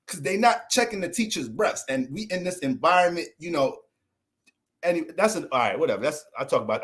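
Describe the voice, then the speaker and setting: With a voice that sits high at normal speed, an American astrologer rants on a casual livestream. He stays animated throughout, swearing, joking and laughing as he talks.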